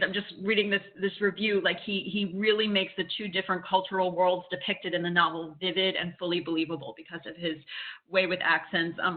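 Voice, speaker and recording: A woman co-hosting a casual book chat, talking in a chatty way with lots of 'like' and 'um', over a video call. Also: lowish voice. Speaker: library marketing co-host. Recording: tinny video call audio.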